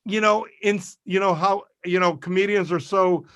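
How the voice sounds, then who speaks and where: An older man, a comedian telling an animated story on a video call and swearing freely. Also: high voice, normal speed, clear, resonant tone, dry recording. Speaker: comedian guest. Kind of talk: casual storytelling.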